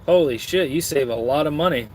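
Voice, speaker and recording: Man, crude jokey rambling, snacking while talking, fairly high voice. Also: brisk, a little mellow, slight background noise. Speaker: streamer reading chat. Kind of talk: casual rambling chat.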